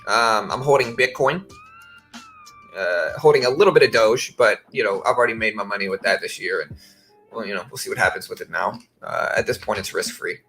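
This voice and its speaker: Thirties male streamer, faint Louisiana accent, bright and forward tone, loose rambling delivery, soft music underneath. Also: lowish voice, a little fast. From Baton Rouge, Louisiana. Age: 30s. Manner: rambling, laid-back, says "bro" and "you know". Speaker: trading livestream host. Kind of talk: casual livestream chat. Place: home office.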